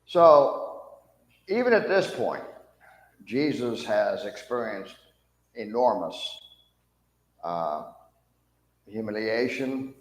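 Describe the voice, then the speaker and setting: This fairly low-pitched man talks at a slow pace with long pauses while leading a church Bible class. Animated, he asks the class questions and performs the lines of the story's people, mocking soldiers among them, in a room with long, echoing reverb.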